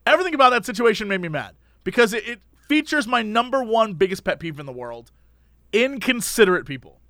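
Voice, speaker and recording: A man's voice: high voice, big pitch swings, quick pace, bright, forceful tone, no echo, studio quality. A man co-hosting a casual chat podcast, ranting animatedly about everyday annoyances. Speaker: podcast co-host.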